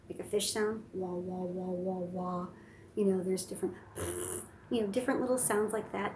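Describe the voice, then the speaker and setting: A woman talks casually to camera as a speech therapist, offering practical tips to parents in a relaxed, chatty way. Her pitch sits in a mid range, and there is a faint hum of noise behind her. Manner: relaxed, chatty, many fillers, demonstrates silly sounds. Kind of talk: casual instructional talk to camera.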